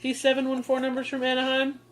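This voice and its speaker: A woman's voice: high-pitched, completely flat delivery, fast talker. A woman co-hosting a podcast, telling a story in casual chat with a profane, mocking manner. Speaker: podcast co-host.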